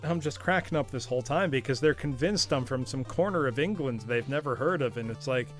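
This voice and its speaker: Talking fairly quickly in a mid-range voice, an American man hosting a gaming live stream chats casually and spins a story. He laughs a lot and reads the chat out loud over soft background music.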